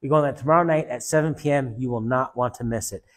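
A man's voice: mid-range voice, quick pace. A man preaching a sermon, telling a story and leading a prayer in an earnest, repetitive way. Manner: earnest, repetitive, softening to hushed.

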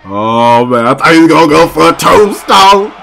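A young man commentating a wrestling video game with loud exclamations and slangy, excitable talk, his voice going squeaky. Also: moderate pace, gravelly, some chatter behind, poor audio.

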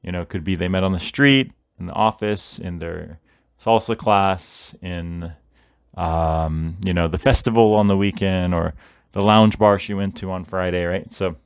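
A man's voice: deep voice, normal speed, clean tone, no room sound, clean studio sound. A man hosting a podcast, talking casually and rambling with many fillers and tag questions. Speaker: podcast host. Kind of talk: casual instructional podcast monologue.

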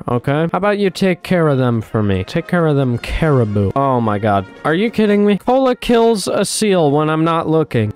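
A young man giving excitable, swearing commentary while playing a game and talking to his animals. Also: medium pitch, clean tone. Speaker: gaming YouTuber. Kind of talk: casual gameplay commentary.

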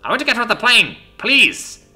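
A man voicing a panicky female alien captain with tentacles, squealing in a high voice. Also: wildly swooping pitch, brisk, pushed and bright, soft background music, exaggerated voice. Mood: panicked.

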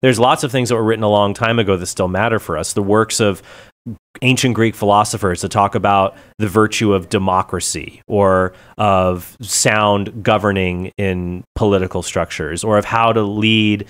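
A man with a fairly low voice answers callers on a radio show. He is earnest and explains patiently, posing questions step by step. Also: steady tone, normal speed, a bit bright. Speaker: radio show guest expert. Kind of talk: live call-in radio talk.

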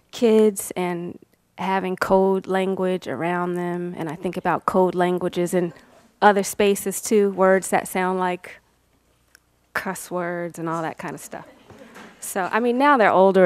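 A woman's voice: on the low side, no room sound. A woman poet reading her work at a live event, in rhythmic, incantatory repetitions that at times drop to a whisper, with casual, laughing chat between poems.

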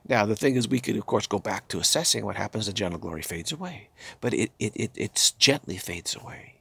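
An older man giving a halting, repetitive spiritual talk, slipping into soft murmured chanted phrases. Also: lowish voice, animated, gravelly, breathy edge. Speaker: spiritual teacher.

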